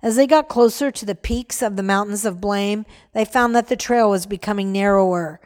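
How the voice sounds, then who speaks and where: A woman narrating a story aloud in a gentle, measured way, lightly voicing the characters. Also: mid-range voice.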